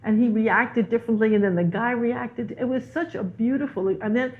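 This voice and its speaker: A woman's voice: a little high, normal speed. A woman guest teacher in a spiritual conversation, telling stories animatedly and repeating words for emphasis. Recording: tinny phone-like line.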